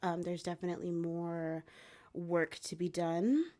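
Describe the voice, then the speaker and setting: A young woman talking casually to camera about her spiritual life, rambling with many fillers and restarts and slipping into soft whispers. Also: on the low side, little pitch movement, measured pace. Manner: drops into soft whispers when quoting spirit guides. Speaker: psychic medium and spiritual consultant.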